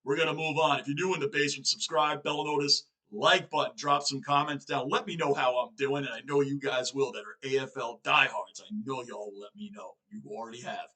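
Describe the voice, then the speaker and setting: A man with a New York accent, chatting casually as he hosts a reaction video, excitable and full of self-questioning asides. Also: medium pitch, fairly quick, hardly any pauses, poor audio. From Northeastern United States.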